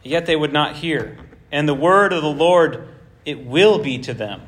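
A man's voice: on the high side, measured pace, a bit bright. A man teaching through a Bible passage verse by verse, conversational and checking in with rhetorical questions, repeating key phrases for emphasis.

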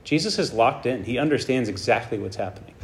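A man's voice: medium pitch, expressive, fast. A man preaching a casual, conversational sermon who keeps checking in with his listeners and reads scripture aloud with emphasis. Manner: informal teaching, frequent "right?" check-ins. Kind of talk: conversational sermon on a Bible passage.

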